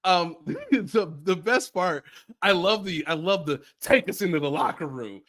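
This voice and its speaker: An American man co-hosting a casual sports podcast, animated, repeating phrases and acting out players' quotes. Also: high-pitched, unhurried. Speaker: sports reporter and podcast co-host.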